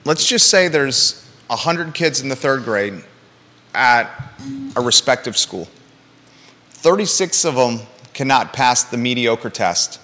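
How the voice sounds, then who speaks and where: A man's voice: medium pitch, animated, takes it slowly, sharp tone, long reverb tail. A man hosting a live local talk show, blunt and emphatic, with joking asides.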